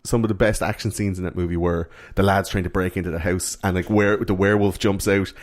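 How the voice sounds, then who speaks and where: A man's voice: low voice, fairly even intonation, fast. A man, hosting a podcast, casually retelling film scenes with plenty of swearing. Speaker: podcast host.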